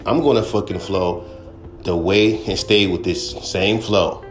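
A young rapper hosting a podcast rants bluntly at a moderate pace, his voice sitting on the low side. He swears constantly and mocks his critics in a profane, casual tirade, recorded in an echoey room with faint music playing.

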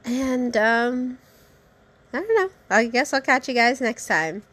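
A woman's voice: fairly high pitch, animated, takes it slowly, fairly bright tone, dry recording. A woman hosting a solo podcast, talking casually and hesitantly with many fillers. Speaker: podcast host.

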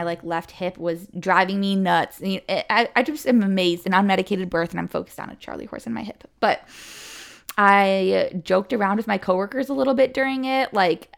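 A woman's voice: fairly low pitch, creaky, a bit bright. A young woman telling her own story in a candid, chatty way, often saying "like" and lifting her voice when it gets emotional. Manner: candid and chatty, with fillers like "like" and quick emotional lifts. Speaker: podcast or vlog host sharing a birth story. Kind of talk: casual personal storytelling.

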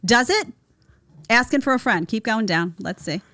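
A woman's voice: a little high, animated, normal speed, sharp tone, no room sound. A woman hosting a reaction commentary show, talking emphatically and sarcastically, often calling people "honey" and asking her audience to agree. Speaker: show host.

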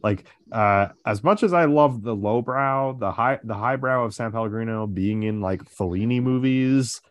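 A man's voice: mid-range voice, moderate pace, no room sound, muffled recording. A man hosting a podcast, chatting casually with lots of "like" and "uh" fillers. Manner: relaxed, filler-heavy, many "like" and "uh". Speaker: podcast host. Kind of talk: casual chat.

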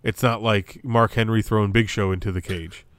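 A young man co-hosts a podcast, chatting casually about wrestling reviews and rambling with plenty of fillers and restarts. His voice is fairly low and steady at normal speed, with no echo.

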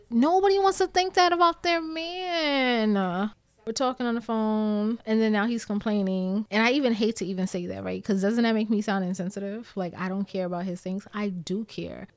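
New York woman vlogger, blunt and profane, dry close sound, mid pitch. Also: steady tone, moderate pace, no room sound. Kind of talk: candid storytime talk to viewers.

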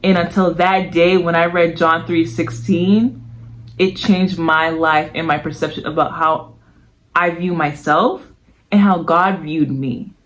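A podcast host offers an earnest, reflective personal testimony about faith in a casual devotional talk, repeating phrases for emphasis. The voice is medium-pitched, fairly even in intonation, a little slow and a bit bright.

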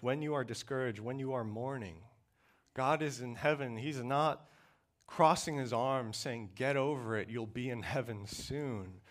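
A man preaching a sermon in a church, earnest and measured, slowing down and pausing to press his points. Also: medium pitch. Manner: earnest, measured preaching with slow emphatic pauses.

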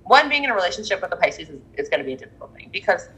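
A woman's voice: fairly low pitch, sing-song, rapid-fire, fairly bright tone, slightly rough, lo-fi sound. A woman in casual chat, talking animatedly and acting out the people she quotes. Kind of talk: casual chat about astrology.

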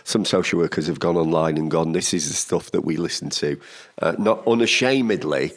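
A man's voice: low voice, fairly quick. A man co-hosting a podcast in casual chat, enthusiastic and jokey. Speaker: podcast co-host.

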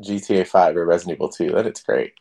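A man with a very deep, mellow voice chats offhandedly about games on a podcast. He talks in an easygoing way. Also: quick pace, gravelly, breathy edge. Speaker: podcast co-host. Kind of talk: casual chat.

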